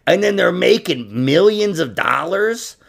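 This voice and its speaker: A male podcast host talks in loose, casual chat, swearing often and getting worked up quickly. His voice sits a little high with a gravelly edge, and it swings up and down a lot as he talks. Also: animated, a bit bright.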